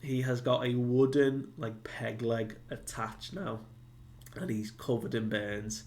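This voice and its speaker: A man's voice: medium pitch, steady tone, takes it slowly, darkish tone, slight background noise. A man giving a casual recap of a comic chapter, retelling it loosely with many fillers and asides. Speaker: manga reviewer.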